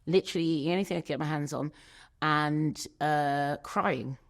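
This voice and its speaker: A woman telling a painful personal story as an interview guest, emotional and searching, with pauses. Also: low-pitched, vocal fry.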